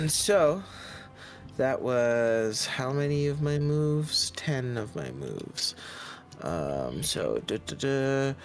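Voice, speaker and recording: Slow-talking male player counting moves. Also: medium pitch, very animated, creaky. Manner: slow, thinking aloud while counting moves. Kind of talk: playing a tabletop game. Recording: faint background music.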